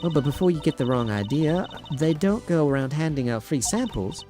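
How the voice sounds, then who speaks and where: A man's voice: a little high, animated, brisk, warm tone, soft background music, voice pushed up, natural voice. A man voicing a prim, fussy elderly British woman in a game, slipping between a British and a Southern accent. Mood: chatty. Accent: put-on British, slipping toward American Southern. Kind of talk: voicing game dialogue on a stream.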